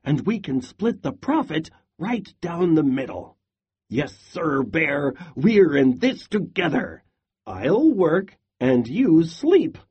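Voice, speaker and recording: A man voicing a scheming male hare in a storybook read-aloud, with a smooth-talking, chirpy patter. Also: on the high side, big pitch swings, slow pace, dull audio, full character voice. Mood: coaxing. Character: sly scheming male hare, cheerful trickster.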